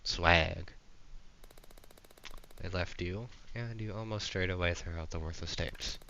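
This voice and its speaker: Deep-voiced man reading game text. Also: normal speed, a bit bright. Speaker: game streamer. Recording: dull lo-fi mic with faint hiss.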